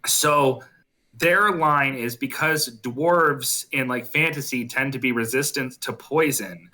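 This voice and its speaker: A man giving slow, hesitant feedback in a casual writers' chat, wandering off on tangents. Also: mid-range voice, bright, forceful tone. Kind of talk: casual group chat about writing.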